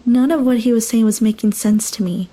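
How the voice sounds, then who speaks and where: A young woman telling a first-person horror story, her voice a bit high yet mellow and soft-edged. She narrates with dramatic, emotional intensity, letting the dread build line by line. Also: a little fast.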